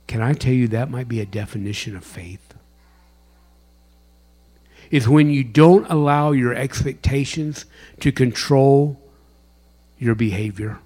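A man giving a sermon as a chaplain, with dramatic storytelling, sudden loud bursts and hushed whispers. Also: medium pitch, measured pace, pauses often.

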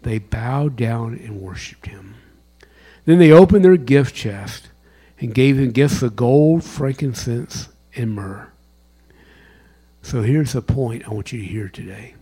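A man giving a sermon as a chaplain, with dramatic storytelling, sudden loud bursts and hushed whispers. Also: mid-range voice, a little slow, slightly rough.

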